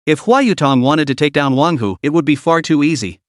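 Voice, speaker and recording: A man narrating a dramatic comic story in a scripted, expressive style. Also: a little high, brisk, no echo, studio quality.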